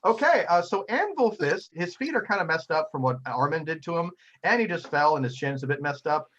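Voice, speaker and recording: A man's voice: on the high side, animated, a little fast, fairly bright tone, dull audio. A man running a tabletop game as game master, narrating in a playful, jokey way. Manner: playful, jokey, acts out figures.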